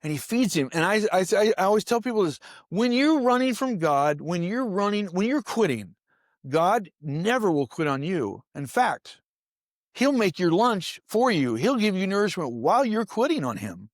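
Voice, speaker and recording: A man's voice: high-pitched, sing-song, normal speed, no room sound, studio quality. A man who was once a pastor tells stories in an interview with an emphatic preaching cadence and repeats phrases for effect. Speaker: guest, former pastor. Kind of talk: storytelling interview talk.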